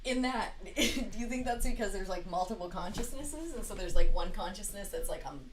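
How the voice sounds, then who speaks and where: A young woman co-hosting a casual podcast, telling stories in a lively way and laughing often. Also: medium pitch, a little fast, a crowd in the background. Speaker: podcast co-host. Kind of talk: casual conversation.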